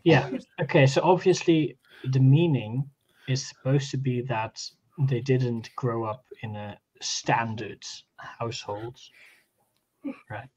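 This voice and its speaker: A man in casual group commentary speaks hesitantly, pausing on fillers before he explains. The sound is dull and lo-fi. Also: medium pitch, steady tone, darkish tone, breathy edge. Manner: hesitant, filler-heavy, measured. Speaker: co-host of a reaction video.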